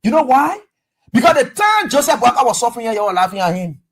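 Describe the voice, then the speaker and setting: A radio talk show host with a Liberian English accent, giving an animated political commentary monologue, acting out dialogue and firing off rhetorical questions. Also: medium pitch, quick pace, breathy edge.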